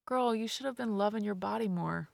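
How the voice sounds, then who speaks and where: A woman's voice: medium pitch, a little fast, vocal fry, dry recording. A woman in her forties, a podcast guest speaking in a candid, rambling and emotional way. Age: 40s. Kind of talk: candid casual chat.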